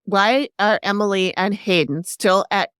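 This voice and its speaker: Woman cohost, blunt and doubtful, pokes holes in stuff, medium pitch, dry sound. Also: measured pace, fairly bright tone, smooth, no room sound. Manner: skeptical, questioning, blunt with swearing. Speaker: podcast co-host. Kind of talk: casual podcast chat.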